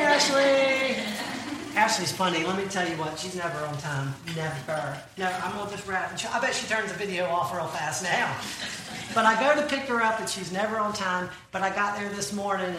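A woman's voice: fairly low pitch, a little fast. A middle-aged woman telling folksy jokes with punchlines and quizzing the crowd, speaking to a church audience. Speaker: Christian comedic speaker. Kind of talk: comedic church talk. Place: large church hall. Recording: very echoey hall, distant mic, room noise.

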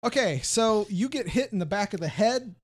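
A man's voice: high-pitched, expressive, moderate pace, slight background noise. A man narrating as game master of a tabletop role-playing session, describing actions and rolls. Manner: plays characters in quoted lines.

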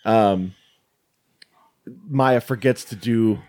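A man's voice: lowish voice, drawn-out words. A man co-hosting a podcast, casually recounting film scenes with quoted lines, laughing often and swearing. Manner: animated, swearing. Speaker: podcast co-host. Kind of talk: casual chat reviewing a film.

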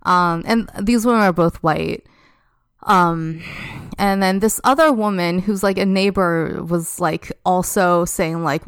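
Young woman, podcast guest, rambling casual storyteller; smooth tone, dry sound. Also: lowish voice, unhurried, no echo. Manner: chatty, heavy use of "like".

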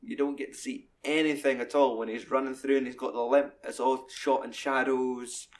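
A man's voice: medium pitch, moderate pace. Sweary Scottish man talking films. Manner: sweary, animated retelling with put-on voices. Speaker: podcast co-host. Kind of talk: casual film discussion.

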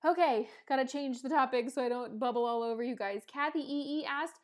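A woman's voice: sits high, brisk. A woman in her thirties hosting a podcast, answering listener questions in an earnest, rambling and emotional way. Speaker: podcast host. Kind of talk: casual listener Q&A monologue.

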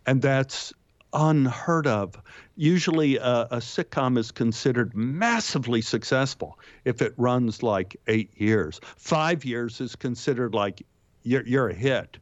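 A man's voice: measured pace, no room sound, lo-fi sound. A man, an actor, telling anecdotes as a guest and lifting his voice for punchlines. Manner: lively raconteur, jumps pitch for punchlines and quotes. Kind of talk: anecdotal storytelling.

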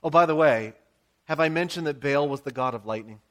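American pastor guy preaching, fairly high voice, chatty and lively, keeps throwing in asides. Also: brisk. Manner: conversational, animated storytelling with asides. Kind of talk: sermon.

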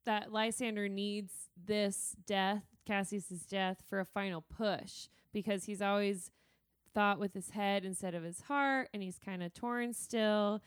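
A woman's voice: medium pitch, steady tone, a little slow, clean tone, no echo, studio quality. A woman co-hosting a podcast in casual chat, giggly and playful, joking often. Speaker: podcast co-host.

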